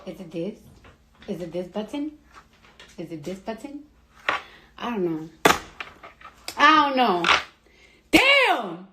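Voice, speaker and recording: A woman's voice: on the high side, sing-song, takes it slowly, long pauses, heavy background noise. A woman chatting casually on a livestream from home, complaining animatedly and swearing a lot. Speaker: livestream host.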